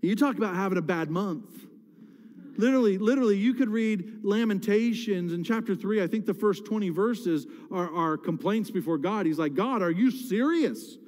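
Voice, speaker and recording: A man's voice: high-pitched, moderate pace, darkish tone. A middle-aged man, a pastor, preaching a candid and emotional sermon with frequent restarts. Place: church sanctuary. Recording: long hall reverb.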